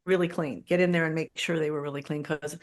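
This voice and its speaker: A woman's voice: low-pitched, fast. An older woman, a co-parenting mediator, telling stories from her practice in a casual interview and acting out what her clients said. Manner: animated, acts out quotes of clients. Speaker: guest expert, co-parenting mediator.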